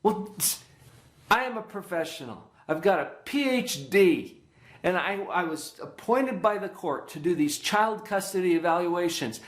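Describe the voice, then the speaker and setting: A middle-aged man with a fairly high voice teaches a parenting workshop in an earnest, teacherly way. He keeps checking in with his audience. The room adds a noticeable echo. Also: animated, unhurried. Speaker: workshop presenter, psychologist. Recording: echoey room.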